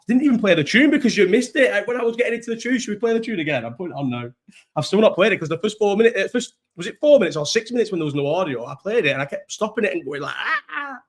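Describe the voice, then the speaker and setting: Fast-talking Scouse man, rambling chat. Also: on the high side, fairly bright tone. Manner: rambling, swears freely, restarts often. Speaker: live-stream host. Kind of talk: casual live-stream chat.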